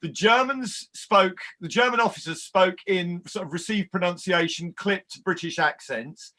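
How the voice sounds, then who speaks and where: Panelist: man with a high, bright voice, thoughtful and rambling, video call. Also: unhurried. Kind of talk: casual live panel chat.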